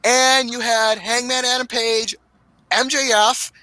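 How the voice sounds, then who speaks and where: A man hosting a casual podcast, recapping wrestling matches with lots of swearing and excitement. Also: very high-pitched, takes it slowly, no room sound, rough recording. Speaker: podcast host.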